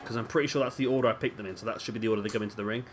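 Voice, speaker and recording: A man's voice: lowish voice, rapid-fire, a little hiss or hum. Chatty man commentating a game. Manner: chatty, rambling, corrects himself. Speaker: gaming commentator.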